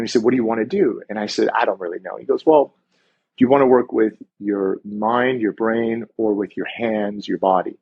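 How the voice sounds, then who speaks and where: A chiropractor and wellness coach, appearing as a podcast guest, tells a story with plenty of energy, acting out each quoted line. His middle-pitched voice is husky and a little breathy, and he speaks casually with the occasional swear.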